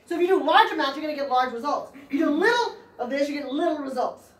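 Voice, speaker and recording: A high, lively-voiced woman leads a motivational training session, bouncing through teasing questions and quick laughs. She swings widely in pitch as she works the room. She is caught from a distance in an echoey meeting room. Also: a little hiss or hum. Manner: animated, playful, teasing, laughs often, call-and-response with audience. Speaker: sales team trainer.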